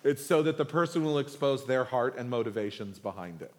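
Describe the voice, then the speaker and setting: A man preaching a sermon in a lively, humorous, conversational way. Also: mid-range voice, brisk, long reverb tail. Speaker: pastor.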